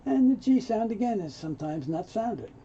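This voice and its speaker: A man's voice: high-pitched, very animated, normal speed, dark tone, husky. A man teaching English pronunciation, explaining dropped sounds and acting out example lines in an offended tone. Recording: dull lo-fi sound.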